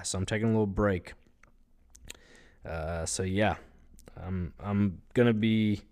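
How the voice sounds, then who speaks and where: A man's voice: on the low side, smooth. Rambling young man chatting on a podcast. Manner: rambling, relaxed, lots of fillers. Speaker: podcast host. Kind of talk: casual solo podcast chat. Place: at home.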